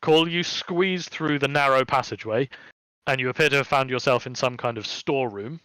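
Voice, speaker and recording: A man running a tabletop game as game master, narrating in a relaxed, chatty way with many fillers. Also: mid-range voice, a little fast, clean tone, no echo.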